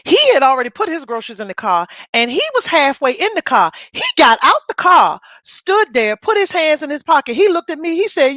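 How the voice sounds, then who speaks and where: A middle-aged woman tells a story in casual podcast chat. She talks loud, blunt and animated, and her voice sits a little high. The sound is dry and close. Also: a little fast, no room sound. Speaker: podcast co-host.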